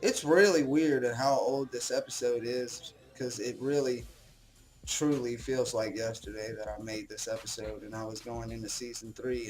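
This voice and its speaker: A man's voice: mid-range voice, poor audio. A young man rambling casually as host of his own commentary, swearing and joking at himself.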